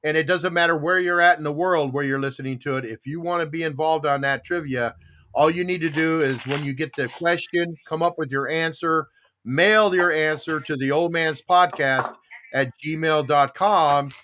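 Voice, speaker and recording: An older man hosting a podcast, telling stories in casual chat, animated and laughing, acting out other people's voices. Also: a little high, normal speed, a little hiss or hum. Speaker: podcast host.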